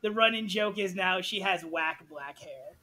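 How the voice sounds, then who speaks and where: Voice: medium pitch, a little slow. A game master on a podcast, joking about their own slip-ups and swearing freely. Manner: lively, swears freely, self-mocking. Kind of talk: casual group chat.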